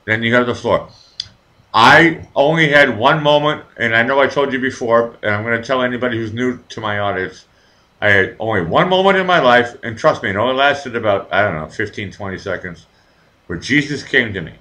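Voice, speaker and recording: Heard on poor audio, a man with a mid-range voice talks a little quickly as he hosts a live chat show. His storytelling is animated and meandering, full of free-flowing profanity.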